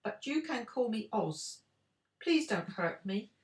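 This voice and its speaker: An older woman voicing a timid little old man who pretends to be a wizard, croaky and sheepish, in a storybook reading. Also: fairly high pitch, big pitch swings, takes it slowly, echoey room, pitched above the performer's own voice, exaggerated voice. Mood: nervous. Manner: sheepish, fumbling.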